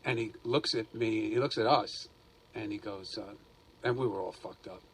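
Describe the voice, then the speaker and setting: Gravelly New man. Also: lowish voice, moderate pace, poor audio. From the Bronx, New York. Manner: gravelly, laid-back storyteller. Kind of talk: casual chat.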